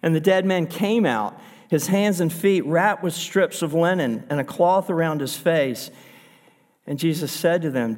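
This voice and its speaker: A man's voice: fairly high pitch, a little slow, darkish tone, long reverb tail. A man pastor preaching a sermon in an earnest, conversational way, pushing his voice up for emphasis.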